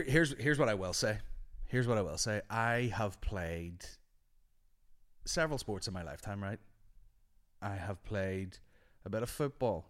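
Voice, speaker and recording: A young man hosting a podcast, telling a casual, animated and sweary story. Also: fairly low pitch. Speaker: podcast host.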